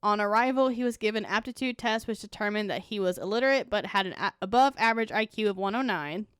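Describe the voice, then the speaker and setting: A woman's voice: medium pitch, quick pace, clean tone, no room sound, studio quality. A young woman co-hosting a casual true-crime podcast, reading from notes and breaking off for blunt, profane asides. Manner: reads notes then adds blunt, profane asides with laughs. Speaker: podcast co-host.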